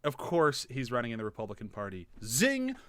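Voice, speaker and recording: A man co-hosting a casual podcast, animated and laughing often, swearing freely. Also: mid-range voice, fast, smooth, no echo. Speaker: podcast co-host.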